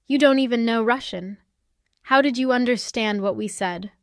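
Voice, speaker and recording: A woman voicing a defensive, scheming older mother-in-law who protests and pleads in a smooth, dry voice. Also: a little high, moderate pace, dry recording, lightly acted. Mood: indignant. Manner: indignant, pleading.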